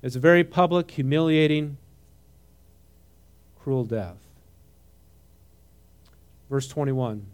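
Slow and full of long pauses, this man's mid-range voice carries a conversational sermon. He animatedly mixes scripture reading with comment and keeps putting questions to the congregation as he teaches a Bible passage.

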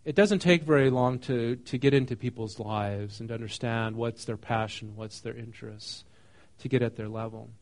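A pastor with a medium-pitched voice preaches a sermon at normal speed, rarely pausing. He reads a scripture passage and then explains it casually, keeping things conversational and often putting questions to the congregation.

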